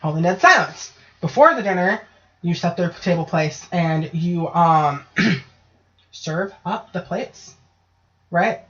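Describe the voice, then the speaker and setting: Female podcast host, casual and foul-mouthed, animated storyteller; muffled lo-fi sound. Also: fairly low pitch, takes it slowly. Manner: profane, ranting, animated storytelling. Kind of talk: casual chat. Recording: dull lo-fi podcast audio.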